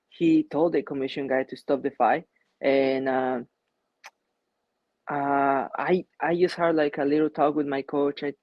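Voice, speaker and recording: A man's voice: a little high, no room sound, lo-fi sound. A young man, a fighter answering interview questions in a loose, rambling way with many fillers and restarts. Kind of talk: casual interview.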